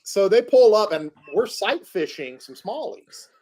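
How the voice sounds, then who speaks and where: A man's voice: sits high, unhurried. A man from Tennessee, a podcast guest telling casual stories and laughing often. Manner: animated, laughs often, acts out quoted voices. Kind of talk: casual storytelling.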